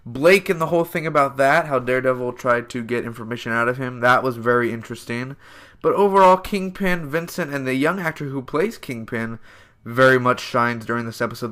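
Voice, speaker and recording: A man's voice: mid-range voice, pushed and bright. A man in his twenties giving a casual spoken review of a TV episode, loose and rambling with lots of fillers and self-corrections. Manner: enthusiastic, addresses viewers as "man" and "guys".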